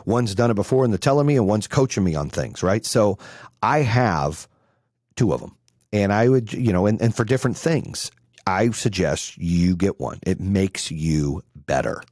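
A man's voice: lowish voice, lively intonation, normal speed, a little mellow, no room sound, clean studio sound. A man in his forties giving a blunt, profane motivational talk as a business coach, swearing freely and speaking with brash conviction. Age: 40s.

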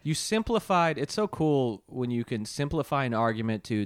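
Man, casual podcast talk, profane, animated, dry close sound. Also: medium pitch, normal speed, smooth, no echo. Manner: animated, profane, mocking impressions. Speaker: podcast co-host.

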